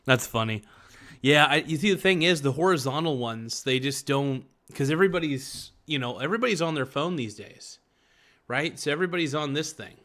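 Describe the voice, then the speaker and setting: A man's voice: on the high side, animated, brisk, a bit bright. A young man live-streaming from home, reading chat aloud in a rambling, joking, self-mocking way. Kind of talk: casual livestream chat.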